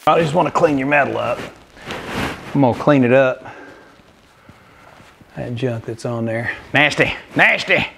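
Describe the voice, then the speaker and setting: A man with a mid-range, creaky voice speaks a little slowly and pauses often, out of breath, over a noisy background. He's a DIY car builder giving a casual workshop tutorial in his garage, chatting in a folksy, joking way while he works on a car.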